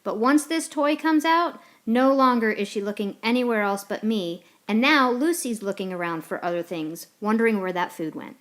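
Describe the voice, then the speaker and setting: Woman trainer narrating a lesson, calm and explanatory, a touch high-pitched. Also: normal speed, few pauses. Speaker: dog trainer. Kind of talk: instructional voice-over narration.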